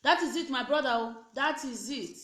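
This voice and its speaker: A young Nigerian woman urging other women to join her business in an animated, preachy rant, switching between pidgin and English. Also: high voice, moderate pace. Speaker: network marketing recruiter. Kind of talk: motivational live video rant. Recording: echoey room.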